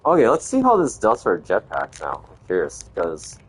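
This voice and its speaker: A man's voice: sits low, wildly swooping pitch, normal speed, slightly rough. A middle-aged man giving casual, rambling commentary while playing a video game, dropping "man" and "yo" as he goes. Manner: rambling, laid-back, says "man" and "yo". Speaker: gaming channel host.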